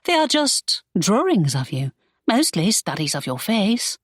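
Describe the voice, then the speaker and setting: A woman's voice: mid-range voice, big pitch swings, unhurried, breathy edge, dry recording. Give me a woman playing a spirited, indignant young woman in an audiobook, in a dry close recording. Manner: exasperated, protesting. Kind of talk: audiobook character voice.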